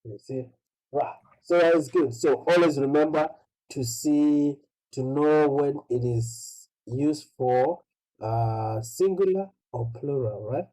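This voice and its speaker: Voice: mid-range voice, warm tone, low-quality recording. An English pronunciation teacher tutoring one student, patiently explaining and checking in with "right?" after nearly every phrase.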